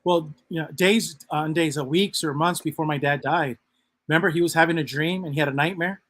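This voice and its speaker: A man in casual conversation, encouraging his partner with short affirmations and gentle prompts. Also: a little high, fairly quick, a little hiss or hum. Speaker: co-host prompting stories.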